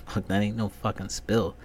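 A man with a lowish voice tells a story on his podcast, loose and full of swearing. He rambles from one bit to the next in a casual, animated monologue. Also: normal speed, a little hiss or hum. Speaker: podcast host.

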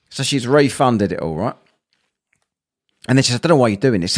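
A man's voice: mid-range voice, expressive, a little fast, long pauses. A young man telling a ranting story with lots of swearing, acting out both sides of a quarrel.

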